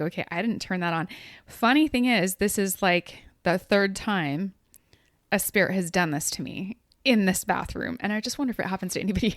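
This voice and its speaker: A woman co-hosting a podcast as a medium, chatting casually and telling stories with lively laughs. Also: lowish voice, dry recording, studio quality. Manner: animated storyteller, laughs often. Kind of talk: casual chat.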